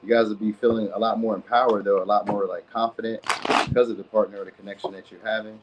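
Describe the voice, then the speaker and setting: A man's voice: on the low side, flat delivery, fast talker, muffled recording, background noise. A man hosting a live tarot reading, chatting loosely with viewers in slang and saying "you know what I mean" a lot. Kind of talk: casual live-stream chat.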